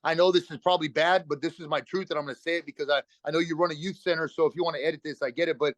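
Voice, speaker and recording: Middle-aged man, rapid speech, raised voice, blunt and emotional, swearing, dry close sound. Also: on the high side, fairly even intonation, dry recording. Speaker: podcast guest. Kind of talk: raw personal recovery story.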